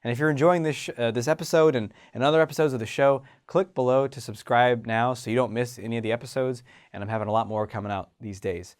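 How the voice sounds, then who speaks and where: A man hosting a self-help show about confidence, talking in an animated way and acting out inner voices. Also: medium pitch, fast talker, hardly any pauses, clean tone. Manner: animated, acts out inner voices, frequent restarts. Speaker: host and confidence coach. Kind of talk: motivational self-help talk.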